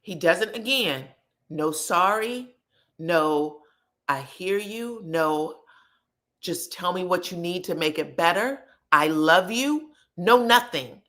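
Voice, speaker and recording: A woman's voice: lowish voice, animated, takes it slowly, a bit bright. A woman hosting a podcast, recapping a reality show in blunt, sassy casual commentary. She swears freely and acts out the quoted lines dramatically.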